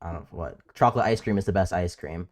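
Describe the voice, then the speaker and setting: A man's voice: low voice, quick pace. A man hosting a livestream debate, arguing sarcastically and talking over the others. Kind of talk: heated casual livestream debate.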